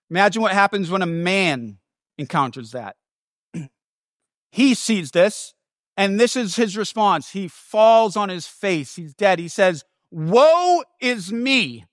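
Male preacher, high voice, dry close sound; animated and emphatic, casual asides. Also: no room sound. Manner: animated, emphatic, repeats words for stress. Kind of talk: sermon.

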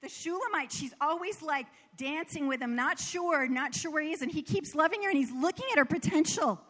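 High-voiced woman preaching in a hall. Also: fairly quick, a bit bright. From American South. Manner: earnest, storytelling, laughs at herself. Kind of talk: sermon with personal stories.

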